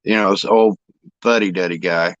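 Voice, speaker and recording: A man's voice: deep voice, steady tone, moderate pace, fairly bright tone, no echo, lo-fi sound. A man from the American Midwest, casually chatting and telling long rambling anecdotes with some swearing. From Indianapolis, United States. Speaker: storyteller in a chat. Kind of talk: casual chat.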